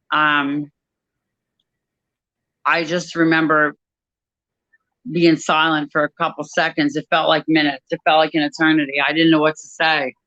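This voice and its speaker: A woman giving a personal testimony about her work at an airline crew desk, talking in a halting way with many pauses and restarts. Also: sits low, a bit bright, no echo, muffled recording.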